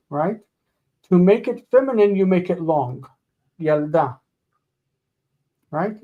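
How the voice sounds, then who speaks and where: A man teaching a live online grammar lesson, explaining patiently and slowing down to spell out forms. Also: fairly high pitch, a little mellow.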